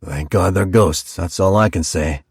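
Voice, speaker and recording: A man's voice: low-pitched, measured pace, no echo, clean studio sound, heavily acted. A man doing a grinding, cursing old-town barber. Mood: grumbling. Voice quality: grinding, gravelly. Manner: blunt, swearing. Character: gruff male small-town barber, blunt and cursing.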